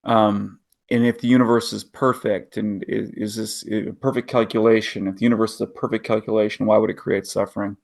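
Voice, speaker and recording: A man's voice: on the low side, little pitch movement, fairly quick, gravelly, darkish tone. A man co-hosting a podcast in casual chat, playful and teasing. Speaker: podcast co-host.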